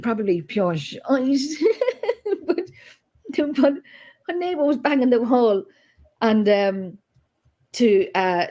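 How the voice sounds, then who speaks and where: A woman's voice: medium pitch, a little mellow. Woman, paranormal investigator guest, rambling casual chat, laughs often.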